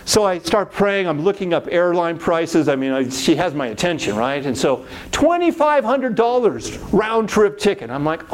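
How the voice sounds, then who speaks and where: A middle-aged man, a pastor, telling a personal faith story in a lively way and acting out the voices he quotes. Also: high voice, moderate pace, few pauses.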